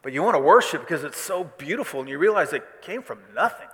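Male pastor from Missouri, animated preacher, loud declarations dropping to hushed asides, bright tone with long hall reverb. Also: on the high side, fast. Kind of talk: sermon.

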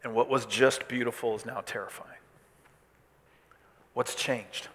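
Bright-voiced preacher in a reverberant hall. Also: male voice, medium pitch, unhurried. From Missouri. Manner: animated preaching, swinging between loud declarations and hushed asides. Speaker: pastor. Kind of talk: sermon.

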